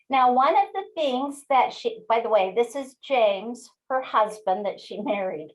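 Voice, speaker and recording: A woman in her sixties giving a webinar talk, telling a family story in an expressive way and speaking straight to her audience. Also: on the high side, low-quality recording. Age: 60s. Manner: slow, expressive storyteller who addresses the audience directly.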